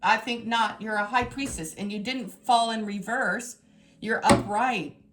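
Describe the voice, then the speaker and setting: A woman giving a tarot reading to her viewers, talking in an emphatic, exasperated way that swings between scolding and excitement. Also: on the high side, unhurried, heavy background noise. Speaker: tarot reader.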